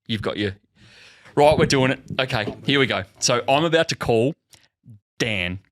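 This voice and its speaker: A man with an Australian accent hosting a casual golf podcast, excitable and quick to laugh. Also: mid-range voice, dry recording. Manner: excitable, laughs often, says he gets nervous. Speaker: podcast host. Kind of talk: casual chat.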